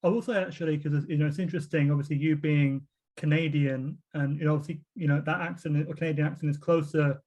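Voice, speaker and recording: A man's voice: fairly high pitch, fairly even intonation, quick pace, darkish tone, highs cut off. A British man interviewing a guest, asking long rambling questions in a casual way. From Britain. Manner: rambling questions, frequent murmured agreement.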